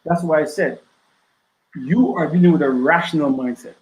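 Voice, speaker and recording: A man speaking as an author and guest on a casual podcast. His voice sits somewhat high for a man, and he drives his points home with rhetorical questions and a running "right?". The recording has a noticeable room echo. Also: moderate pace, a little mellow.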